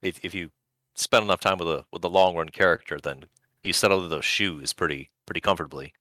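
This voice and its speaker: Deep, bright-toned man with dry wit. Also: fairly even intonation, quick pace. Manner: dry, wry remarks. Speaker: podcast co-host. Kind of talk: casual chat.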